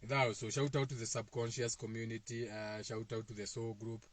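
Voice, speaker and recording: Kenyan male host, mid-pitched voice, loose rambling wellness talk, repeats himself often. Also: flat delivery, brisk, dry recording. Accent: Kenyan, Kikuyu-speaking. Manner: loose, repetitive, meandering speaking with fillers. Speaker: host of a self-help talk. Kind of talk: casual spiritual talk to viewers.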